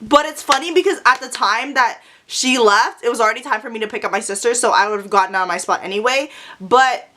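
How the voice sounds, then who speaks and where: A young woman telling a storytime vlog in an animated, profane, dramatic way. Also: fairly high pitch, fast talker, few pauses. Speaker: vlogger.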